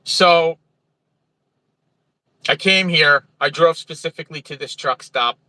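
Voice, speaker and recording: A man with a New Jersey accent chats on a livestream from a truck stop. His voice sits a little high and has a sharp, forceful edge. The sound is dry and close, with no room around it. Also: slow pace, no room sound, rough recording. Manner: chatty, friendly, greets viewers by name. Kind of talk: casual livestream chat reading viewer comments.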